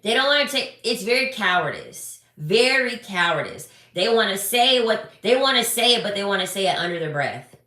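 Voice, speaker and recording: A woman's voice: mid-range voice, moderate pace, hardly any pauses. A young adult woman giving blunt, sassy relationship commentary, talking casually to her viewers. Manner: blunt, animated, sassy, swears freely. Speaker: relationship advice creator. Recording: echoey room.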